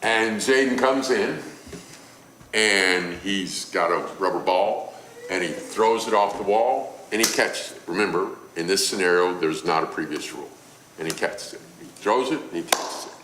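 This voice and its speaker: A man's voice: sits low, moderate pace, a bit bright, slight background noise. A man preaching a sermon on parenting, telling a story and acting out a mother's scolding.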